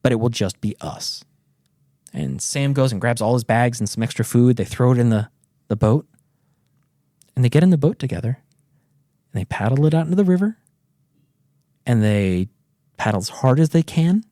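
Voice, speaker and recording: A man casually retelling a book's plot on a podcast, animated and profane, acting out the characters' lines. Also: medium pitch, normal speed, long pauses, no room sound, studio quality. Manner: animated storyteller, swears freely, acts out characters. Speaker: podcast host retelling a book. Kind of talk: casual chat.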